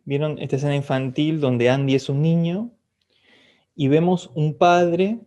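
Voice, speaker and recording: A man giving a recorded class lecture in a relaxed way, with drawn-out fillers and frequent checks with his listeners. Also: on the high side.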